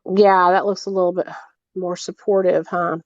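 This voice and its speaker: A woman's voice: fairly low pitch, flat delivery, moderate pace, darkish tone, muffled recording. A woman live-streaming, chatting casually and bluntly with plenty of swearing while she shops.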